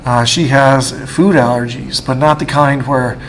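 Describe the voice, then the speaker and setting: A man in his thirties giving a personal faith testimony, halting and emotional, with many restarts. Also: medium pitch, steady tone, a little hiss or hum. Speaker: guest speaker.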